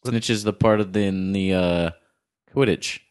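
A man's voice: sits low, steady tone, moderate pace, clear, resonant tone. A man co-hosting a podcast in casual chat, throwing in dry, teasing quips. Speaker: podcast co-host.

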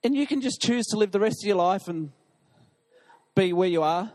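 A man's voice: high voice, animated, moderate pace, a little mellow. A male pastor preaching an impassioned sermon, reading scripture with emphasis.

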